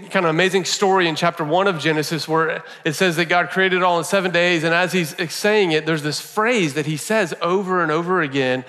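Higher-voiced man preaching in a reverberant hall. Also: pushed and bright. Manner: conversational, repeats phrases for emphasis. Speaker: pastor. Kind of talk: sermon.

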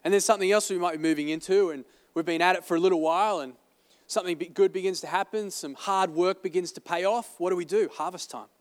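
A man preaching from the pulpit in a somewhat higher voice, emphatic and chatty by turns. His sermon rings through a church hall with a long reverb tail. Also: fast. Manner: emphatic, conversational preaching with asides. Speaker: pastor. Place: church auditorium.

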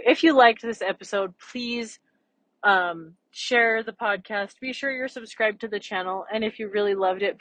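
Woman, young adult, solo podcast host, chatty, earnest, husky tone, dry close sound. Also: mid-range voice, no echo, poor audio.

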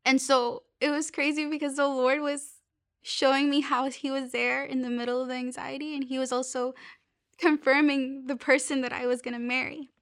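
A young woman sharing a personal faith testimony, earnest and halting, often restarting her sentences. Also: high voice, level tone, a bit bright, dry recording, studio quality.

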